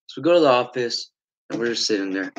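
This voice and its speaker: A young man rambles through a personal story, swearing freely and looping back with "anyways" and "like". His mid-pitched voice comes through a dull, lo-fi recording. He talks loosely and casually. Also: expressive, quick pace, a little hiss or hum. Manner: rambling, swearing, frequent fillers.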